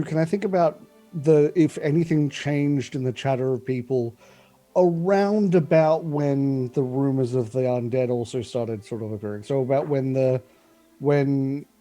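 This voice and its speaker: A man's voice: mid-range voice, dark tone. A man playing in a tabletop game, talking casually, hesitant and searching for words. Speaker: player.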